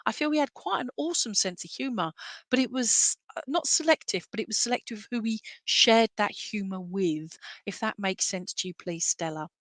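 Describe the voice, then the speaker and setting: A woman's voice: mid-range voice, expressive, moderate pace, fairly bright tone, dry recording. Chatty medium woman, dry sound. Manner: chatty, reassuring, asks if messages make sense. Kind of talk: online clairvoyant reading.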